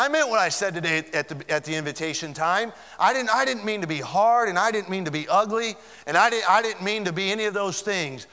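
A man's voice: sits high, bright, forceful tone, in a large hall. A man preaching a sermon as pastor, fervent and building in volume as he speaks.

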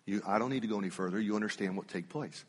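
A man preaching a sermon, telling a story with animated swings from loud to hushed. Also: lowish voice, rapid-fire, slightly rough. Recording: long reverb of a church hall.

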